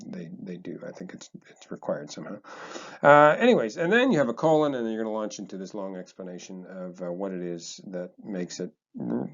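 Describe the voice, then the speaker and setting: Low-voiced man teaching casually. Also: lo-fi sound. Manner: relaxed, chatty, thinks aloud with fillers. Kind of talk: casual explanatory lesson.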